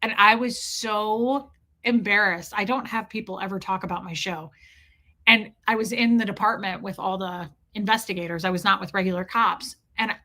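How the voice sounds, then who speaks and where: A woman from the US Midwest chatting fast on a live stream, telling stories, swearing, and reading chat names. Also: medium pitch, steady tone, pushed and bright. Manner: fast-talking, swearing, laughing storyteller.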